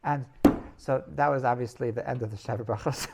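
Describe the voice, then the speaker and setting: Gravelly rabbi telling stories. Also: male voice, mid-range voice, fairly even intonation, brisk. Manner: rambling, repeats and restarts, laughs at his own stories. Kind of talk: storytelling Torah class.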